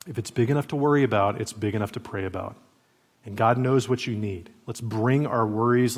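A man in his thirties, a pastor preaching a sermon in a relaxed, conversational way, with stories from everyday family life. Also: medium pitch. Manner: conversational preaching with parenting anecdotes.

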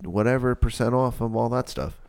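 A man co-hosting a casual podcast, crude and joking as he plugs sponsors and gives shout-outs. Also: mid-range voice, brisk. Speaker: podcast co-host.

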